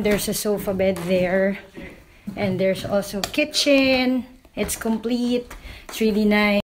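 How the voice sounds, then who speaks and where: A woman with a Filipino accent vlogging a trip casually, switching languages and laughing often. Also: mid-range voice. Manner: chatty, switching between English and Tagalog, laughing. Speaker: travel vlogger. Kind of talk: casual travel vlog. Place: outdoors in a city. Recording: loud outdoor noise and traffic.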